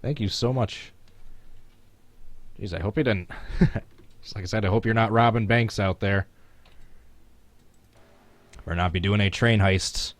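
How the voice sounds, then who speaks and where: A man with a lowish voice casually commentates his racing game on a live stream, chatting with viewers and chuckling as he plays. He's unhurried and pauses often, and the recording is dry.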